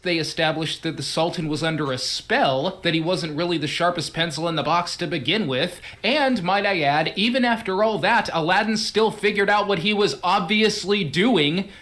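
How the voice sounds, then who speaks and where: A man narrating a scripted online film review, measured and dryly sarcastic. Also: sits high, a bit bright.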